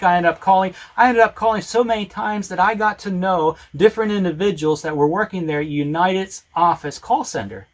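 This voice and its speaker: A man with a fairly high voice tells a personal story in a casual, animated way. He slips into the other people's lines as he goes and often restarts his words. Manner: animated retelling with acted-out dialogue and frequent restarts. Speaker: storyteller recounting a travel ordeal.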